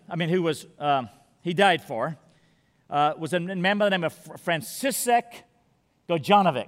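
A man with a notably high voice preaches in a church sanctuary, his words ringing in a long hall reverb. He tells a story as a pastor, then draws his listeners in softly and intimately as he leads them into prayer. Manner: storytelling, growing quiet and intimate toward the closing prayer. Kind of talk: sermon.

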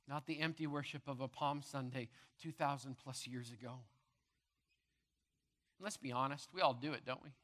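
A man preaching a sermon as pastor with impassioned delivery, rising to loud proclamations and dropping to hushed tones. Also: a little high. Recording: long reverb of a large hall.

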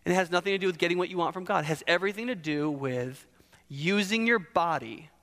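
A man's voice: high-pitched, fairly bright tone, in a large hall. A man preaching a sermon, emphatic, asking and answering his own questions.

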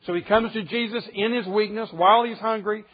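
Husky high-voiced male preacher. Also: steady tone, fairly quick, muffled recording. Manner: emphatic, rhetorical questions to listeners. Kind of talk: sermon.

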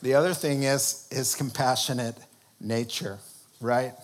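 A man preaching a sermon. He asks the congregation questions and rises into high, emphatic bursts to make his points. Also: fairly even intonation, a little slow.

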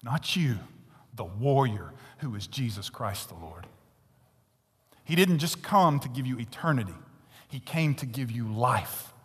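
Male pastor, blunt, fiery sermon delivery, mid-pitched, church-hall reverb. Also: animated, measured pace, breathy edge. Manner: blunt, intense preaching with sudden hushed whispers and loud peaks.

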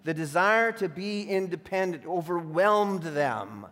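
Male pastor preaching, kinda high voice, goes loud then hushed, long echo like a big church. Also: lively intonation, a little slow. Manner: voices imagined speakers, alternates emphatic and hushed. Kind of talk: sermon. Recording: long reverb of a large hall.

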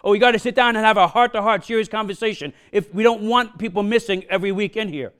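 Male pastor, high voice, accented English, punchy sermon delivery with call-outs to the room. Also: fast, fairly bright tone, smooth. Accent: non-native English accent. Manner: punchy, repeats questions to the congregation, frequent "huh?". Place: church sanctuary.

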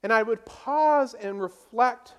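A man's voice: very high-pitched, slow pace, a bit bright, smooth. A pastor preaching a sermon, emphatic and conversational, asking his listeners rhetorical questions.

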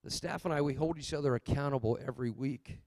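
A male pastor preaching a sermon, swinging between loud exhortation and quiet asides. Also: mid-range voice, quick pace, no room sound.

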